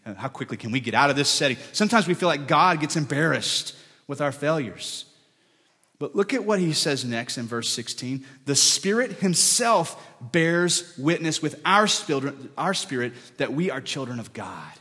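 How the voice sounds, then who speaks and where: A man preaching a sermon as pastor, dropping to soft, whispered lines when he speaks for God. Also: mid-range voice, moderate pace, breathy edge, in a large hall.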